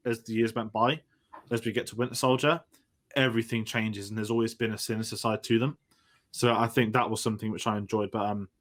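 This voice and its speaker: A man's voice: mid-range voice, fairly bright tone. Chatty man hosting a film podcast. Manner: rambling, self-correcting, enthusiastic. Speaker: podcast host. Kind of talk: casual film discussion.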